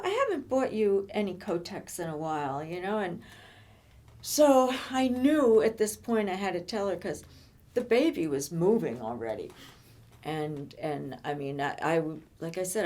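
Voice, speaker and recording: An older woman telling her own life story in conversation, halting and often repeating words as she restarts. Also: mid-range voice, a little mellow. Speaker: interviewee.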